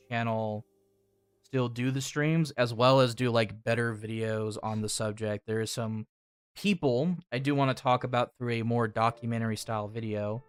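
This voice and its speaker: A man's voice: medium pitch, clean tone, no echo. A young man hosting his channel in casual chat, rambling and swearing, often restarting his sentences. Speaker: channel host.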